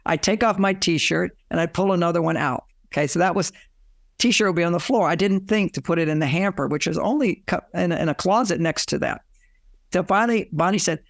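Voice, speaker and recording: A man's voice: on the high side, a little fast, creaky, no room sound, clean studio sound. An older man, a relationship author, telling anecdotes in an interview and acting out quoted dialogue. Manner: animated, acts out quoted dialogue. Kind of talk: storytelling in a casual interview.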